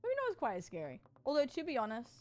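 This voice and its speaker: A woman's voice: sits high, huge pitch swings, quick pace, darkish tone. A woman streaming, chatting casually with viewers in a bubbly, playful way. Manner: bubbly and playful, talks to chat. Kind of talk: casual sponsored livestream chat.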